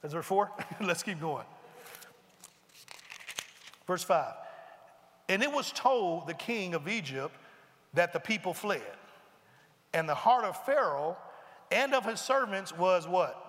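Bright-voiced preacher in an echoing hall. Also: male voice, sits high, slow, pauses often. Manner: animated, conversational, breaks into asides and mimics characters. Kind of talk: sermon, reading and explaining scripture. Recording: long reverb of a large hall.

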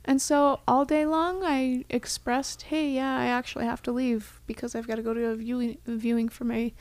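A woman's voice: on the high side, little pitch movement, moderate pace, hardly any pauses, darkish tone, no echo. A young woman co-hosting a casual chat, speaking heartfelt and reflective, sometimes dropping to a whisper. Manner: heartfelt, reflective, drops to a whisper for quoted thoughts.

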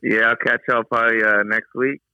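A man's voice: medium pitch, little pitch movement, fairly quick, vocal fry, pushed and bright, smooth, no room sound. A man calling in to a podcast, chatting casually and rambling with lots of fillers over a call line. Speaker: caller. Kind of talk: casual chat. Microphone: phone call. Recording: dull dry phone call.

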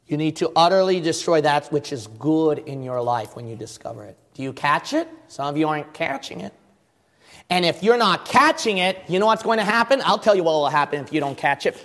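A man's voice: fairly high pitch, animated, fairly quick, a bit bright, long reverb tail. A man preaching a fervent sermon as pastor, firing rhetorical questions at his congregation.

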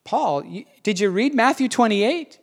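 Animated male preacher, fairly high voice. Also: unhurried. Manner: animated, conversational, emphatic questions. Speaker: pastor. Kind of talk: sermon.

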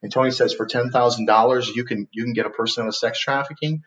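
A man, a podcast guest, telling a story with lively acted-out quotes. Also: medium pitch, quick pace, lo-fi sound. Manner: animated storyteller acting out quotes.

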